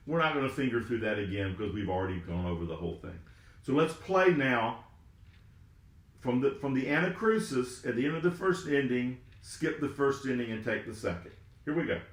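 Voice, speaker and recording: A man's voice: medium pitch, a bit bright, reverberant. A man giving a trombone lesson, patiently explaining and counting beats and naming notes aloud. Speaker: trombone teacher. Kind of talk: step-by-step music lesson.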